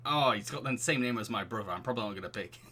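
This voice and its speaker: Male streamer, playful game read-through with commentary, bright tone. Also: lowish voice, very fast, a little hiss or hum. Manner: playful, giggly, animated. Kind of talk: reading a dating game aloud with commentary.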